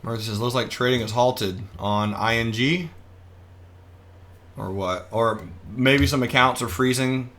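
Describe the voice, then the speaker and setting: Bright-voiced man joking through live trading. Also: mid-range voice, fairly even intonation, a little slow. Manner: joking, chatty, reads viewer comments aloud. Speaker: day trader streaming live. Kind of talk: casual live market commentary.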